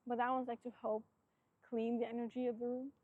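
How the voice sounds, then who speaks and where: A woman's voice: on the high side, flat delivery, a little fast, darkish tone, dry recording, highs cut off. A woman hosting a solo podcast, talking in a rambling, reflective way and filling her sentences with "like". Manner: rambling, reflective, heavy use of "like"; earnest, self-searching. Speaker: podcast host. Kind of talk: casual solo podcast talk.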